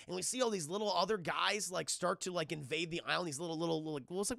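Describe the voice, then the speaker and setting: A man's voice: high voice, rapid-fire, vocal fry, few pauses, no echo, clean studio sound. A man streaming a casual, profane scene-by-scene movie recap to his chat. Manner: animated, profane, laughing often. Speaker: streamer and film reviewer.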